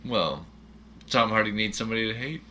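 Bright-voiced man in eager movie chat. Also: on the low side. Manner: eager, jokey, quick questions. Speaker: podcast co-host.

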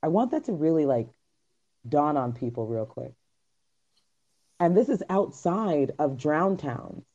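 Low, dark-voiced woman podcast host. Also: very animated, measured pace. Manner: blunt, slangy, emphatic. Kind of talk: casual podcast chat. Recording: dull lo-fi recording.

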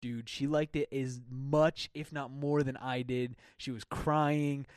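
A young man tells a story on his podcast, laughing often and acting out what people said. His voice is mid-pitched and sits close to the mic. The room sounds dry and dead. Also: slow, smooth, no room sound. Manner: animated storyteller, laughs often, acts out quotes. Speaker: podcast co-host. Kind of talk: casual chat. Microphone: close podcast mic with windscreen.

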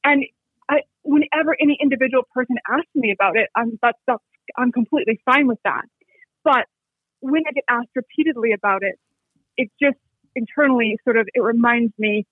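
A man's voice: very high-pitched, fairly quick, breathy edge, dry recording. A Canadian man, an author, speaking thoughtfully in an interview and often restarting his sentences. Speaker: author and guest. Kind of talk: reflective interview talk. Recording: tinny phone-like line.

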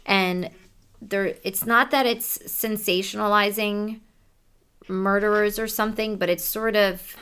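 Soft-spoken woman relaying a medium's reading. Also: mid-range voice, steady tone, measured pace, smooth. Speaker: psychic medium.

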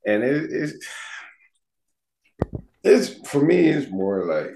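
A man co-hosting a casual podcast chat, profane and animated, laughing often and trailing off quietly. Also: mid-range voice, slow pace, gravelly, slight background noise. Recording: echoey room.

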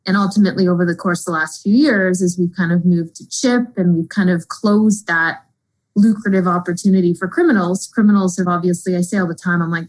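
A woman being interviewed as a fraud expert, speaking in an informative, steady way. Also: lowish voice, a little fast, rough recording. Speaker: guest, fraud executive.

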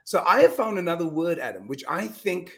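A middle-aged man speaking as a guest on an interview podcast. He talks in an emphatic, earnest way, with quick restarts and repeated words. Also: sits high, big pitch swings, gravelly, a bit bright. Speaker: guest speaker on mind power. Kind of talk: animated storytelling in a podcast interview.

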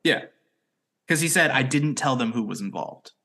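A man's voice: mid-range voice, animated, normal speed, pushed and bright. Joking, profane young man. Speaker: podcast co-host. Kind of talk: casual chat and episode recap.

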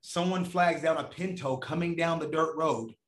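Animated man telling stories, echoey room. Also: on the high side, normal speed. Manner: animated, profane, acts out voices of others. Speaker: podcast guest. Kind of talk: casual storytelling.

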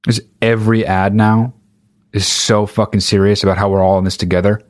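A man's voice: on the low side, level tone, brisk, no room sound, clean studio sound. Exasperated man on a swearing rant. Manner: exasperated, swearing constantly, speeding up as he gets angry. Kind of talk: profane comedic rant.

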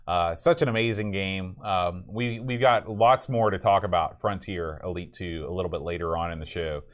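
A man's voice: sits low, normal speed. A man co-hosting a podcast, chatting casually and reading out listener messages. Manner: reads listener predictions aloud, chuckling. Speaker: podcast co-host. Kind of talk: casual chat.

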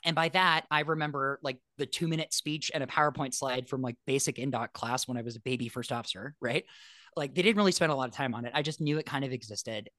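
A man's voice: mid-range voice, fast, no room sound, studio quality. A man, an airline pilot, telling his story in a casual interview, frank and self-deprecating and acting out the voices he quotes. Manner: animated, acts out quoted voices.

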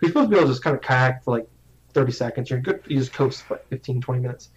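Talking very fast in a medium-pitched voice, a young man rambles through a lengthy story, profane and self-mocking in a casual chat. He trips over his sentences and keeps starting them again, captured on a slightly dull, lo-fi recording.

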